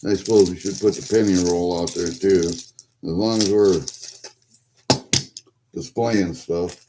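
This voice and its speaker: A man's voice: low-pitched, steady tone, unhurried, noisy background. A man talking casually to himself as he opens packages, muttering and rambling as he goes. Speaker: vlogger opening packages. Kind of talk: casual unboxing commentary.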